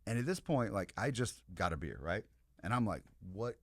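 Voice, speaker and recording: An American man and podcast guest telling an animated, rambling story in casual chat, with many asides to the listeners. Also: on the low side, brisk, no room sound, clean studio sound. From United States.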